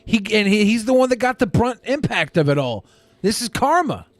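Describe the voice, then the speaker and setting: High lively podcast man, blunt banter. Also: normal speed, dry recording. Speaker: podcast co-host. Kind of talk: casual chat.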